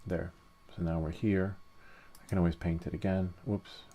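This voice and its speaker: A man's voice: low-pitched, normal speed. A man hosting a casual 3D printing tutorial, thinking aloud step by step as he works. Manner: relaxed, thinks aloud step by step while working. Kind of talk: casual screen-share tutorial narration.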